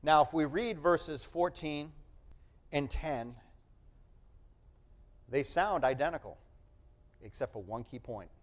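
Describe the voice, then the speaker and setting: Male preacher, middle-aged, fairly high voice, reads scripture then explains it, loud then hushed. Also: takes it slowly, long pauses. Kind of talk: sermon.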